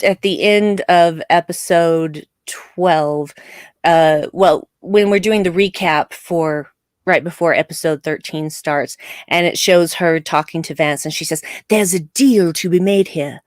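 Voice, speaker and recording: A woman hosting a live discussion show, giving opinionated, animated takes with laughing asides. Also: low-pitched, a little slow, dry recording, clean studio sound. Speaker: show host.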